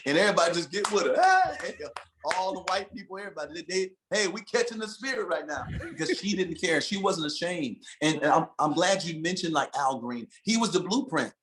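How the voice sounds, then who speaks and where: Speaking fairly high and fairly quickly, this man, a gospel singer and pastor from Detroit, USA, spins animated stories in a relaxed podcast chat, sprinkling in "man" constantly. There's a little hiss or hum on the recording.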